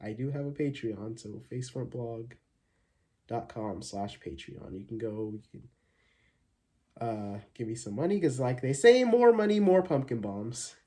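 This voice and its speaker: Rambling young man with a mellow voice. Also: medium pitch, a little slow. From Arizona, USA. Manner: rambling, upbeat, many fillers and restarts. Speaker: channel host. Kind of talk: casual thank-you vlog.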